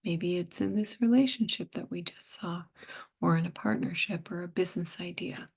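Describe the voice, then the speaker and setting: A middle-aged woman giving a tarot reading, hoarse and losing her voice, half whispering in a gentle, musing way. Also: lowish voice, normal speed. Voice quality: breathy, partly whispered. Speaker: tarot reader.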